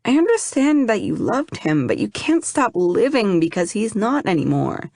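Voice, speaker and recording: Woman voicing a gentle, teasing male best friend. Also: mid-range voice, sing-song, moderate pace, vocal fry, no echo, clean studio sound, voice pushed up. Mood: urging. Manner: gentle, reassuring, playful. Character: affectionate young man, teasing best friend.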